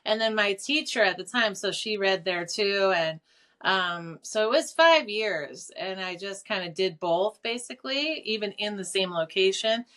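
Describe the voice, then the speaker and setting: A middle-aged woman telling her story as an interview guest, animated and casual, with lots of fillers and free swearing. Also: mid-range voice, unhurried. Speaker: clairvoyant and teacher, guest.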